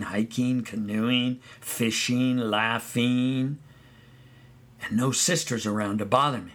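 A man's voice: medium pitch, slow pace. Man telling a childhood memoir. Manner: relaxed storytelling, sings song snippets. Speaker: storyteller. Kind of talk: first-person memoir narration.

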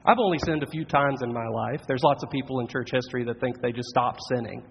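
A man preaching a sermon in an earnest, measured way, slowing down for emphatic phrases. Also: medium pitch, creaky, slight background noise. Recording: dull audio with long reverb in a large hall.

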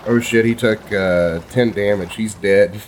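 Slow, deep-voiced male game master. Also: steady tone, a little hiss or hum. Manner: halting, with many ums and uhs. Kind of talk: narrating a tabletop game.

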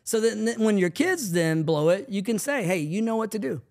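A man co-hosting a podcast, telling family stories in a lively casual chat. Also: sits high, normal speed. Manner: animated storyteller acting out quoted family lines. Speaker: podcast co-host, family ministry leader.

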